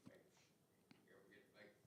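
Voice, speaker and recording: A man in the audience asking a halting question, stopping to search for words. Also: pushed and bright. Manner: halting, full of fillers. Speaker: audience member. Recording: faint and far from the mic.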